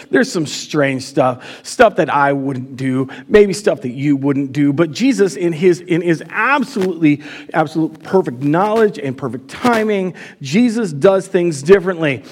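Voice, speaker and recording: A man's voice: fairly high pitch, husky. A man preaching a live sermon as pastor in a church, casual and chatty, with many fillers.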